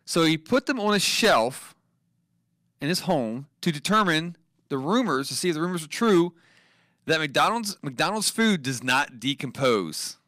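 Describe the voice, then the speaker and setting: Excitable, bright-voiced male co-host. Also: fairly high pitch, unhurried, no room sound, studio quality. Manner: excitable, profane, laughs often. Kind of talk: casual chat, reading news stories.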